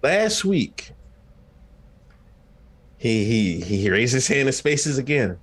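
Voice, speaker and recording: Animated man laughing through podcast chat. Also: medium pitch, slow pace, slightly rough. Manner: animated, laughing, quotes people in put-on voices. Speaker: podcast co-host. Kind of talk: casual chat.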